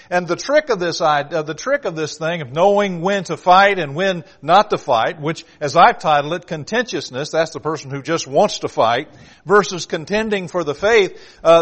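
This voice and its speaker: A man with a high, fairly bright voice preaches an evening sermon. He reads scripture aloud with rising force and drives his points home emphatically.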